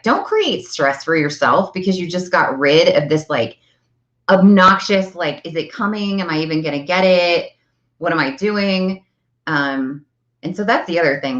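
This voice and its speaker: A middle-aged woman with a low voice coaching her viewers in a chatty, earnest way, often repeating phrases to drive a point home. The sound bounces around a reverberant room. The recording is a bit dull and muffled. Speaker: self-help coach. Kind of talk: motivational talk to viewers.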